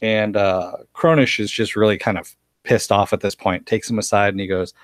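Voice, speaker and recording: Low-voiced man recapping a show live. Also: steady tone, normal speed, dry recording. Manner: chatty, laughs often while retelling scenes. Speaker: show reviewer.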